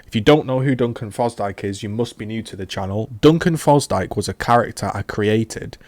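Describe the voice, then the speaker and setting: Lässiger britischer Gaming-YouTuber mit tiefer Stimme. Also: male voice, fairly low pitch, fairly quick, a little mellow, no room sound. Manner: rambling, with many fillers and restarts. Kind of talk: casual retrospective commentary.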